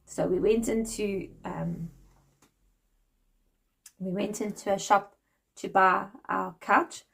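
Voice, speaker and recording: A woman's voice: mid-range voice, fairly even intonation, slow pace, gravelly, fairly bright tone, breathy edge. A woman in her forties from South Africa with a South African accent, explaining things in a friendly, chatty vlog and laughing lightly now and then. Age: 40s. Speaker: vlogger.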